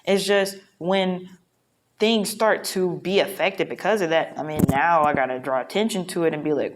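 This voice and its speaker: A woman's voice: fairly low pitch, normal speed. A woman vlogging a casual, reflective monologue, rambling and frank with plenty of profanity, from a hotel room.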